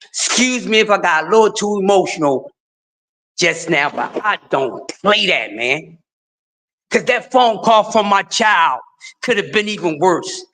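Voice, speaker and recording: A middle-aged man, ranting emphatically on a livestream, shifting from shouting to quiet pleas. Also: high voice. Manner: emphatic, preachy, swings between shouting and quiet. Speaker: livestream host. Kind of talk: impassioned livestream rant.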